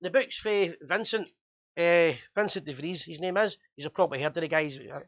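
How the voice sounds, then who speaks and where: A Scottish man hosting a fan chat show, talking fast and chatty with jokes. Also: a little high, fairly bright tone, no echo, highs cut off.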